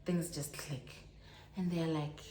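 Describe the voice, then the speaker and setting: A young South African woman telling a lively travel story in a casual vlog, acting out the dialogue as she goes. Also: deep voice, takes it slowly, roomy sound. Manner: animated storytelling, acts out dialogue. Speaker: vlogger. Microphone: phone on tripod.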